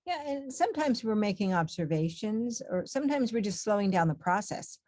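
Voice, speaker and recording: Female parenting teacher, warm mellow tone, calm webinar chat, dry close sound. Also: medium pitch, fairly quick, dry recording.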